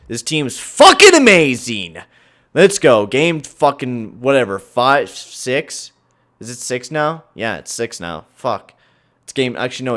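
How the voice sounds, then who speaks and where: Young guy cussing at his hockey game, bouncy lively pitch, yells then mutters. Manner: swings from yelling at the game to low grumbling, heavy swearing. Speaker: gaming channel host. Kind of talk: profane hockey game commentary.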